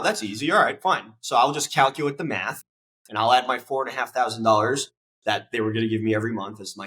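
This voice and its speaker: A man's voice: mid-range voice, fairly bright tone, rough recording. A man in his twenties, a podcast guest, telling his story casually and acting out quoted dialogue with plenty of swearing.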